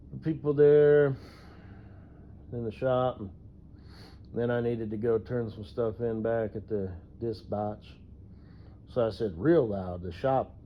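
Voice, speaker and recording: A man who drives trucks, ranting casually about a coworker, profane and rambling, chuckling to himself. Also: mid-range voice. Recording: dull lo-fi recording.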